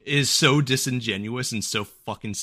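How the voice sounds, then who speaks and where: A man's voice: mid-range voice, moderate pace, bright, forceful tone. A man co-hosting a casual podcast, ranting in an exaggerated way and swearing often. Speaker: podcast co-host.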